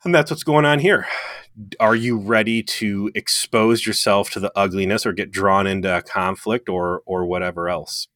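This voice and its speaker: A man with a low, forceful voice talks through an episode review in a casual, analytical way. He often pauses on ums and uhs. The sound is dry and close. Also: no room sound. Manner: earnest, analytical, with frequent um and uh. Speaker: podcast co-host.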